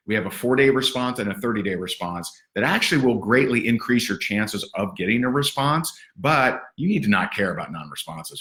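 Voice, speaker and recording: A man giving livestream sales training in an energetic, sarcastic, punchy motivational way. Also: deep voice. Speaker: network marketing trainer. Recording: roomy echo.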